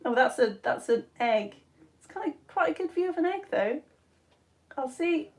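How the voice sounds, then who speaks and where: A middle-aged woman from the UK with a cough and cold, chatting casually as she hosts a live children's science show and reads out viewer comments, giggly and at times dropping to soft asides. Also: high voice, lively intonation, moderate pace. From United Kingdom. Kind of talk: casual live-stream chat reading comments. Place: at home on the sofa.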